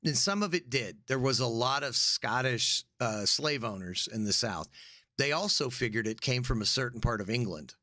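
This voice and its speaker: A man's voice: mid-range voice, animated, normal speed, sharp tone, no echo, studio quality. An American man co-hosting a podcast in casual chat, joking crudely and riffing. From United States. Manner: joking, crude, mocks accents and puts on voices. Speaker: podcast co-host.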